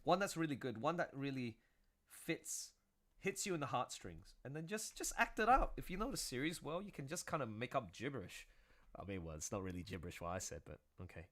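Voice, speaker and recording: A man's voice: mid-range voice, very animated, a little fast, a bit bright. A man chatting casually on a livestream, playful and rambling, laughing easily. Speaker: streaming artist. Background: music.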